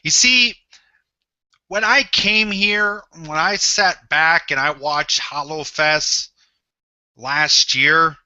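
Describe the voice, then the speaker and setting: A man's voice: a little high, very slow, pushed and bright, smooth, no room sound. A man cutting a boastful, threatening wrestling trash-talk promo, repeating his rival's name for emphasis. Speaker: fan wrestling promo talker. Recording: dull lo-fi audio.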